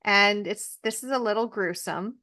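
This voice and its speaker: A woman hosting a podcast, retelling a fairy tale in a chatty, animated way with personal asides. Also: medium pitch, normal speed. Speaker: podcast host. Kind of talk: casual storytelling.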